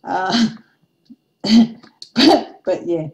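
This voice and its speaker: A woman's voice: medium pitch, extremely slow, poor audio. A woman in her forties telling a funny anecdote in a casual craft-vlog chat, laughing often as she goes. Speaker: craft vlogger.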